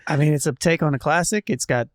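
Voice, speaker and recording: A man co-hosting a hip hop podcast, speaking in deadpan sarcasm with hesitant fillers. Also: a little high, quick pace, no room sound, studio quality. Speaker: podcast co-host. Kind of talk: casual chat.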